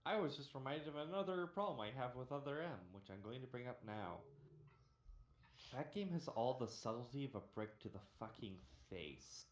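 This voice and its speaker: A man's voice: mid-range voice, lively intonation, normal speed, a little hiss or hum. A man hosting a live stream, ranting in casual, profane banter with a sarcastic, emphatic manner. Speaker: stream host. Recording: echoey room.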